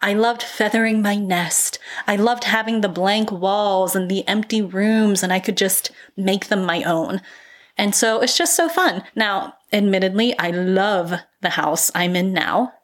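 A woman's voice: mid-range voice, a little slow. A woman hosting her own writing podcast, talking casually into a microphone in a chatty, self-deprecating way and laughing easily. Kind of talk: casual solo podcast chat.

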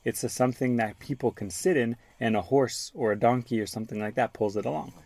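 A man's voice: mid-range voice, fast, creaky. Man reading a storybook to his child. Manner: gentle, explains words to a child. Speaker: father reading to his child, podcast host. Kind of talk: storybook read-aloud.

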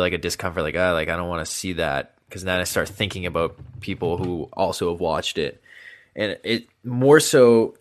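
Low-voiced young man musing on podcast. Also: a bit bright. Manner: giggly banter, then reflective. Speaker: podcast co-host. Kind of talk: casual chat.

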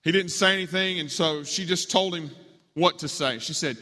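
Man, preacher telling a sermon story, bright forceful voice, fairly high pitch, long hall reverb. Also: moderate pace. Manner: dramatic storytelling.

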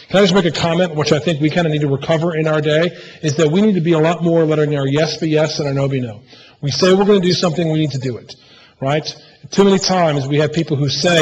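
A man's voice: on the high side, fast talker. A pastor preaching a conversational sermon in a church, often restarting his phrases and checking in with "right?". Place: church sanctuary. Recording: church hall reverb, faint room noise.

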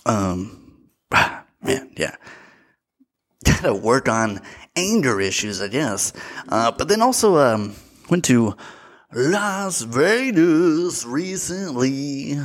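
A young man hosting a casual solo podcast, telling a story with animated energy, swearing freely and calling his listeners dude. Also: mid-range voice, slow pace, pauses often. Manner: animated storytelling, bursts into shouted voices. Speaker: podcast host.

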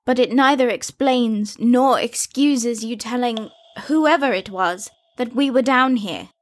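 A woman voicing a curious, steady young woman who speaks calmly and directly. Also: fairly high pitch, unhurried, dry recording, natural voice. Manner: calm, direct, questioning. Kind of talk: audiobook character voice.

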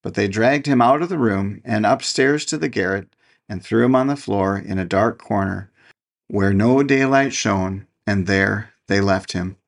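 Gravelly man narrating a fairy tale. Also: fairly low pitch, a little slow. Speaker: podcast host reading a fairy tale. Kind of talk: storybook narration.

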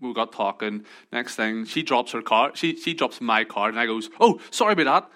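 A man's voice: on the low side, normal speed, bright, forceful tone. A man with a Northern Irish accent telling chatty, joking anecdotes to a group in a casual, self-deprecating way. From Northern Ireland. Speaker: speaker addressing a group.

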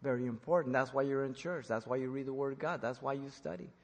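Husky-voiced preacher in a reverberant church. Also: male voice, mid-range voice, fast. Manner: emphatic, rising to loud peaks for quotes. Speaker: pastor. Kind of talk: expository sermon.

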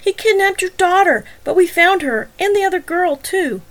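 A woman voicing a frantic, whining female killer in a narrated story, her lines shrill and desperately pleading. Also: animated, normal speed, a bit bright, exaggerated voice.

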